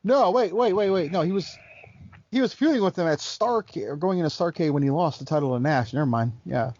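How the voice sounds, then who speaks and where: A man co-hosting a podcast, chatting casually about wrestling history, wry and quick to correct himself. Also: a little high, darkish tone, muffled recording. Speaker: podcast co-host.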